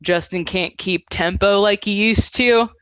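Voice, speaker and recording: A woman's voice: mid-range voice, a little slow, clear, resonant tone, dry recording, lo-fi sound. A woman in her thirties, a musician guest, chatting casually and telling stories with acted-out quotes. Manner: animated storytelling with acted-out quotes. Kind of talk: casual interview chat.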